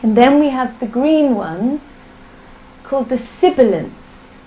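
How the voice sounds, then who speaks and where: A woman's voice: high-pitched, animated, takes it slowly, mellow, poor audio. A woman teaching a live online language class, drilling sounds patiently for students to repeat. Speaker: Sanskrit teacher.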